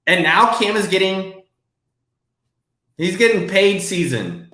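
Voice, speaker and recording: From his desk at home, a man runs a live Q&A stream, chatting loosely and excitedly with the occasional curse. His voice is fairly high, and the room gives off a noticeable echo.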